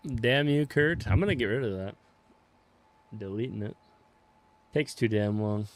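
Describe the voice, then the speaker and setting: A young man casually chatting with viewers while playing a farming game, relaxed and swearing offhandedly. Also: lowish voice, moderate pace. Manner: laid-back, swears casually, greets viewers by name. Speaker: game streamer. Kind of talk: casual live-stream chat while playing.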